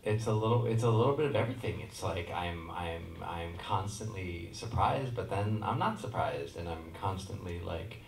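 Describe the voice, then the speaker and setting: Give me a chuckling man with halting restarts, heard from a distance with room noise. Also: sits low, gravelly. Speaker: convention panel guest. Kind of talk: rambling anecdotal panel answer. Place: large convention hall. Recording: echoey hall, far from the mic, noisy.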